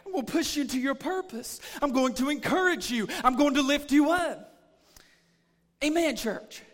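A pastor delivers a sermon to his church in a strikingly high, bright man's voice. He moves from plain talk into loud, hollered preaching. The sound carries the long reverb of a large sanctuary. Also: normal speed. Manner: preaching that builds from calm to shouting.

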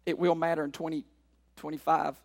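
A man preaching a sermon, repeating phrases and asking the congregation questions, building up to shouted exhortations. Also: on the high side, little pitch movement, fairly quick, vocal fry, big-room sound. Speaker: pastor.

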